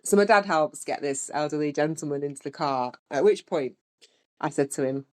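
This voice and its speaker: A woman with a notably low-pitched voice tells a story on her podcast. She speaks in a relaxed, chatty way and voices the people in her story. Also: normal speed. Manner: chatty, with lively voiced-out quotes. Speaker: podcast host. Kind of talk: casual storytelling.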